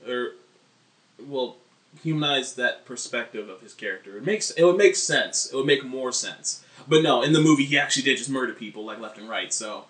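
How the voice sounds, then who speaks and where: A man's voice: medium pitch, expressive, a little fast, fairly bright tone. A man chatting casually on a podcast, telling long stories and acting out other people's lines. His voice carries a lot of room echo. He sits a little way back from the microphone. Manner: rambling storyteller, acts out voices, laughs often. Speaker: podcast co-host. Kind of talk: casual chat. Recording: roomy sound, mic at a distance.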